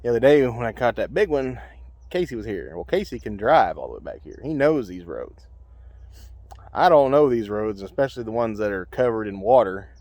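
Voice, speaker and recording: A man's voice: fairly low pitch, very animated, fairly quick, darkish tone, dry recording. A man, narrating his trapline outdoors in a folksy, rambling way with lots of fillers, somewhat out of breath. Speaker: trapper. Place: outdoors by ponds.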